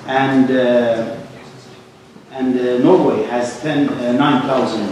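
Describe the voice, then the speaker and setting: A man moderating a panel, asking questions haltingly with many fillers. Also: mid-range voice, fairly even intonation. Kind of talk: panel discussion. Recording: echoey hall, distant mic, loud noise.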